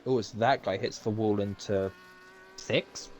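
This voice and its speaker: A man doing live commentary on an online racing league, chatty and a bit halting, with frequent ums and laughs. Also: on the low side, steady tone. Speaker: race commentator.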